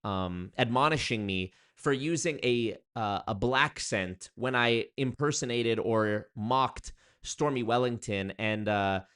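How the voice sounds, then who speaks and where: Reading out chat on his live-stream commentary show, a man reacts with animated, joking energy. His pitch swings widely as he gives viewers hype shout-outs.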